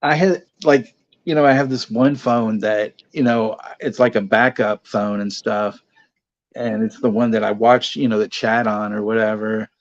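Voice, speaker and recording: A man's voice: on the low side, steady tone, normal speed, no echo. Man, storytelling, cursing, laughs, muffled lo-fi recording. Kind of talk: casual chat on a livestream. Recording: dull lo-fi sound.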